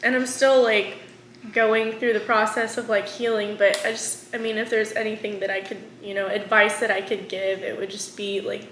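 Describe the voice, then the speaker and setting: A woman in her twenties gives a candid, emotional vlog confession to camera, heavy with fillers and often close to crying. She has a medium-pitched, fairly bright voice with a flat delivery at normal speed, recorded in a reverberant space with a little hiss or hum.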